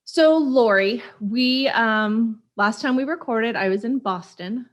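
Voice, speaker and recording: A woman from Kansas City hosting a podcast in casual chat, upbeat and quick to laugh. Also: on the high side. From Kansas City, USA. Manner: upbeat, chatty, laughs easily. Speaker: podcast host.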